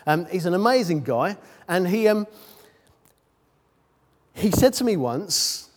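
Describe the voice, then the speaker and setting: A man's voice: high-pitched, expressive, measured pace, pauses often, darkish tone. A man preaching a sermon in a conversational way, with self-deprecating asides and frequent ums. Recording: long reverb of a large hall.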